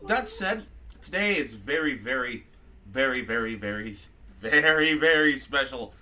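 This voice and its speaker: Animated male podcast host. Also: mid-range voice, measured pace, noisy background. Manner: rambling, stumbling restarts. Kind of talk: casual comedy podcast chat.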